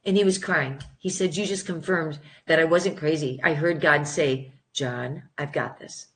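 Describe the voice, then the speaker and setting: A woman's voice: low-pitched, normal speed. Earnest older woman urging prayer. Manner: earnest, preacherly encouragement. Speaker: guest. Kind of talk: casual conversation.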